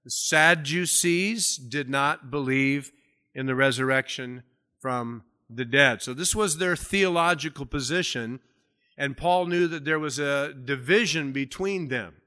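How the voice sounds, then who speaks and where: Bright, forceful male preacher teaching scripture. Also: mid-range voice, unhurried. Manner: conversational Bible teaching with rising emphasis on scripture readings. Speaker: pastor. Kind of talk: expository sermon.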